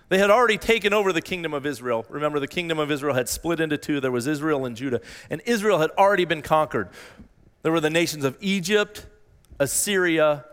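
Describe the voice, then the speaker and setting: A man preaching a sermon as pastor, earnest and given to repeating phrases, rising in pitch when he voices a desperate plea. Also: a bit bright. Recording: long reverb in a large hall.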